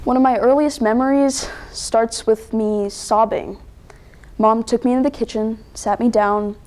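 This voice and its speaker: A teenage girl performing a dramatic interpretation, narrating with deliberate pauses and emotion. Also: fairly high pitch, fairly even intonation, a little mellow. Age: teens. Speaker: student competitor.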